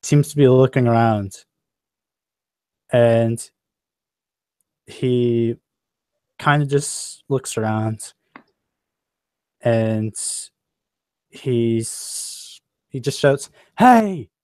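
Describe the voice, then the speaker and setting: Guy running a tabletop game, slow descriptive narration, dry mic. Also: mid-range voice, steady tone, darkish tone, clear, resonant tone, no echo. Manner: unhurried, descriptive with fillers. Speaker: game master.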